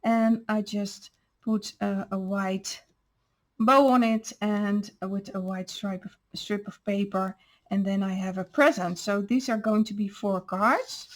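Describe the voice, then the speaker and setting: A woman hosting a craft channel, patiently explaining step by step how she made each paper piece. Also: medium pitch. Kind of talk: crafting show-and-tell.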